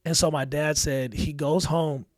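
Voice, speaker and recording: Man, podcast guest, casual storytelling, somewhat high-pitched, animated, dry close recording. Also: unhurried, dry recording. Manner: animated storyteller, acts out quoted lines.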